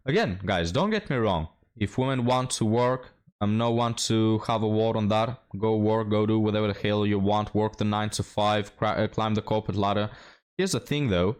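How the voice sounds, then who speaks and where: A man's voice: fairly low pitch, moderate pace, clear, resonant tone. A man hosting a reaction commentary, talking bluntly and mockingly with a lot of swearing. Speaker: commentary host.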